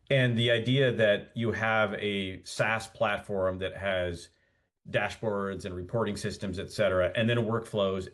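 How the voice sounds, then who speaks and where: A middle-aged man talks eagerly on a video call and lays out strong opinions. His voice sits low and deep. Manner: enthusiastic, opinionated. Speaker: roundtable participant, marketer. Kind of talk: casual video call discussion.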